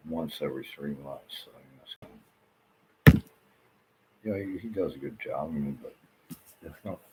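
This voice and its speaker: Man, very low voice, agitated and rambling, swears a lot, faint hiss behind. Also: darkish tone, poor audio. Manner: restless, repeats himself, swears often. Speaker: vlogger. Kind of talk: rambling agitated monologue to camera.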